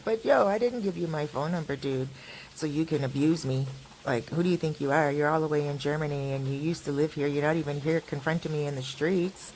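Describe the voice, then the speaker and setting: A woman's voice: deep voice, normal speed, a little mellow, slight background noise, rough recording. A woman from Canada chatting casually in a street vlog, rambling with lots of fillers and restarts. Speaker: vlogger. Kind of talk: casual walking vlog chat. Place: outdoors on a street.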